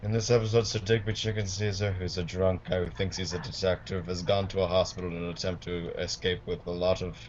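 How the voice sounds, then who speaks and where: Low, dark-voiced man, muffled recording. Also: level tone, a little fast, hardly any pauses, slight background noise. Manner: joking, chatty player. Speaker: player. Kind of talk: tabletop role-play, casual chat.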